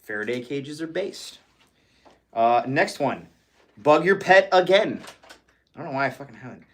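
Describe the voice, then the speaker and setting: A man's voice: a little high, expressive, moderate pace. A man hosting a casual livestream chat, ranting with lots of swearing and laughing often. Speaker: livestream host.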